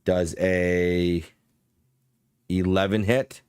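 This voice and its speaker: A man narrating as game master of a tabletop game, unhurried and descriptive, with frequent ums. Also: sits low, flat delivery, darkish tone, clear, resonant tone, dry recording, clean studio sound.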